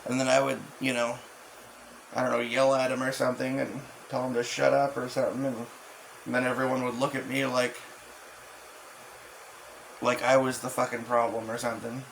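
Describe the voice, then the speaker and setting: A man in a casual rambling monologue, profane and halting, full of restarts and fillers. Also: mid-range voice, level tone, creaky, a bit bright, a little hiss or hum, rough recording. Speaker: channel host.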